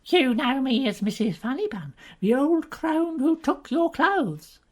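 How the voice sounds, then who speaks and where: A woman's voice: sits high, expressive, measured pace, darkish tone. A woman voicing a theatrical spy who is a master of disguise in a comedy audio play, declaiming dramatically. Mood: dramatic.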